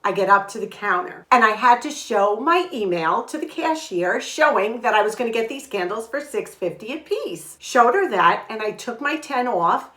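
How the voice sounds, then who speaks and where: An older woman hosting a home vlog, telling a story in a chatty, animated way and acting out the lines of the people in it. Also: a little high, normal speed, few pauses. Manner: chatty and animated, retelling with quoted dialogue. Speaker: vlog host. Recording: echoey room.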